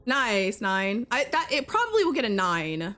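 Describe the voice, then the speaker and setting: Excitable young woman streamer, lively high voice. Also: normal speed. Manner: excitable, swings between muttering and loud outbursts. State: coughing. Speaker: gaming streamer. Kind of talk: live-stream chat while gaming.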